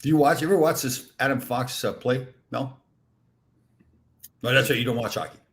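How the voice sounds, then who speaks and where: A man hosting a casual podcast. His voice sits at an ordinary pitch. He teases his guests and laughs easily. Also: moderate pace, a bit bright. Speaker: podcast host. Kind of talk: casual chat.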